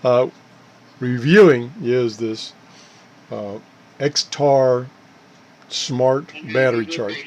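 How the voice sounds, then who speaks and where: A man's voice: medium pitch, very slow, long pauses, darkish tone. A man hosting his own channel, talking casually and unscripted about a gadget, often correcting himself and chuckling at his own mishaps. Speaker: channel host reviewing gadgets. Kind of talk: casual unscripted product talk.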